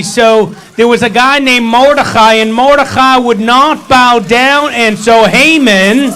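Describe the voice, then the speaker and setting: A man's voice: very high voice, takes it slowly, hardly any pauses, sharp tone, rough recording. A man leading a congregation, retelling a scripture story in a playful, joking way full of wry asides. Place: synagogue hall.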